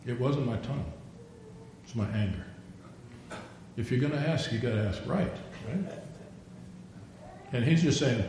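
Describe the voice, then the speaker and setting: An older man preaches in a folksy, storytelling manner, slipping into little acted voices for prayers and conversations. His voice sits at a middle pitch and rings through a very echoey room with a faint hiss of noise behind it. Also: expressive, measured pace, long pauses, a little mellow. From Norwegian. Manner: folksy storytelling, acts out dialogue. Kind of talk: sermon.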